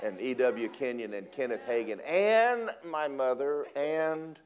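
A man preaching a storytelling sermon, animated, acting out voices and laughing often. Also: mid-range voice, unhurried.

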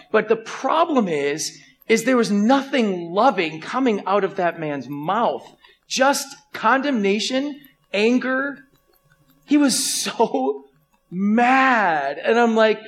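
A man preaching a sermon in a storytelling way, impassioned, moving from loud bursts to hushed lines. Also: sits high. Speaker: pastor.

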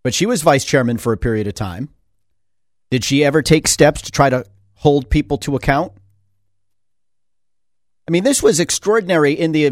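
Sarcastic man with a lively, animated delivery. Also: a little high, no room sound, studio quality. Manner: sarcastic, rhetorical questions. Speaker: school board member and commentator. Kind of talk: opinion commentary monologue.

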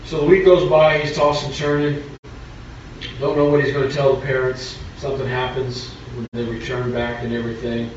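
A man's voice: mid-range voice, little pitch movement, moderate pace, slight background noise. A man preaching a sermon, telling a story plainly and building to fervent preaching. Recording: echoey church from far off, dull.

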